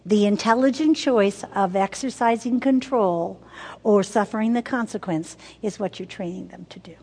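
A long reverb from the hall surrounds this older woman's mid-range, slightly mellow voice, which has a breathy edge and a moderate pace. In her teaching talk to mothers as a women's ministry speaker, she speaks emphatically, repeats words for effect and asks the audience questions.

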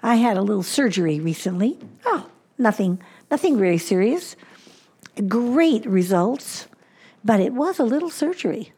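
A woman preaching a sermon, slowing down and dropping to a hushed voice on key points. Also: a little high, animated, slightly rough. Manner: slows down for emphasis, drops to a hushed voice on key points.

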